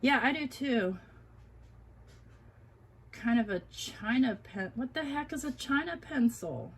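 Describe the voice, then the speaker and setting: A woman's voice: sits high, lively intonation, takes it slowly, breathy edge. A woman hosting a casual live crafting stream, chatty and self-deprecating, often laughing at herself. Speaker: crafting channel host.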